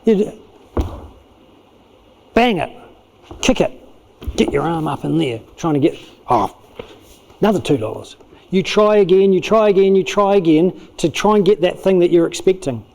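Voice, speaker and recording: A middle-aged man with a New Zealand accent, a clinical psychologist giving an animated parenting talk at a church, acting out parents and kids in quick asides. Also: sits high, gravelly, a little hiss or hum. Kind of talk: lively spoken teaching talk. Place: church auditorium.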